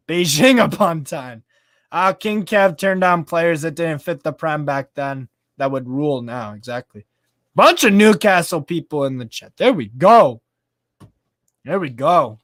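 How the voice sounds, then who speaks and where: A man hosting a casual live football stream. He reads out viewer comments in a chatty, excitable way, swears casually and laughs often. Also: high-pitched, no room sound, studio quality. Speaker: live stream host reading fan chat.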